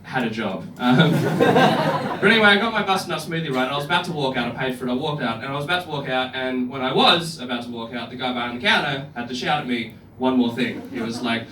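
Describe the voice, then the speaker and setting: A young man doing stand-up comedy, telling a story in an animated way and acting out other people's lines. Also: mid-range voice, fast, background noise. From Australia. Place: comedy club stage. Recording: echoey club room from far off, audience laughter.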